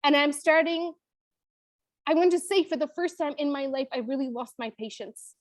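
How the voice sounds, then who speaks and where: A woman's voice: sits high, fairly even intonation, moderate pace, no room sound. A woman in her thirties, a business coach, telling a personal story in an emotional, confiding way. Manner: emotional, confiding, frequent "you know".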